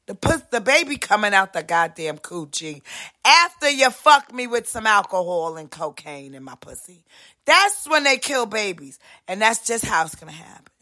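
A woman hosting a podcast, delivering a profane, brash monologue rant and slipping in quick impressions of other people. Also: medium pitch, very animated. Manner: profane, brash, swings loud and soft, voices other people mid-rant. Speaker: podcast host.

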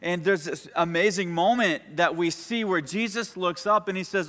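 A male preacher in a church sanctuary leads call-and-response with his congregation, his voice high and fairly bright. He moves at a normal pace with few pauses, and the hall around him is echoey.

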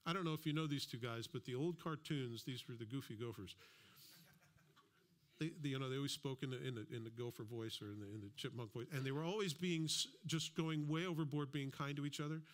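A man preaching a sermon in a casual, conversational way, reading scripture slowly and acting out little everyday exchanges. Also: medium pitch. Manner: conversational, plays out little imagined dialogues; slows down to read scripture aloud. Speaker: pastor.

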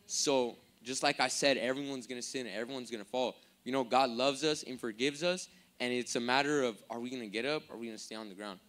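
A young man gives a sermon in a relaxed, everyday voice of middle pitch. His delivery is rambling and full of fillers, and he keeps asking the congregation to repeat key words. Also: fast, few pauses. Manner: casual, filler-heavy preaching with many "like"s; rouses the crowd to call back words. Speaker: preacher.

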